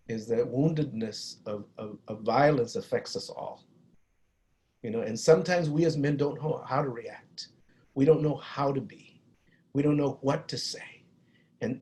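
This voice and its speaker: A middle-aged man with a Chicano East Los Angeles accent, telling a personal story in a talk, earnest and halting, with many restarts and Spanish phrases. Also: medium pitch, a little mellow. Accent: Chicano English from East Los Angeles. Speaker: guest speaker on violence prevention.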